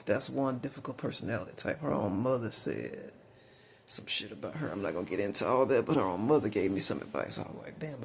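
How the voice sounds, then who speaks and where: A middle-aged man with a Southern US drawl and a heavily gravelly voice that rises and falls in a lively way. He rambles frankly and profanely, with many fillers and restarts. A faint background hiss sits behind him. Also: on the low side. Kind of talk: rambling personal monologue.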